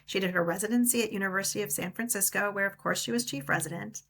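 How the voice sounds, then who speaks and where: A woman co-hosting an interview podcast, upbeat and playful in her delivery. Her voice sits at a middle pitch with a gravelly, creaky texture. She leads the conversation with easy enthusiasm. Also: fast, fairly bright tone. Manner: upbeat, playful, introduces guest at length. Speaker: podcast co-host.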